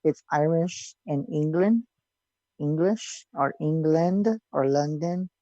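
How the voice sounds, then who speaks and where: A radio host chatting casually with a caller, answering with quick asides. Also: medium pitch, dark tone, dry recording. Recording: dull lo-fi sound.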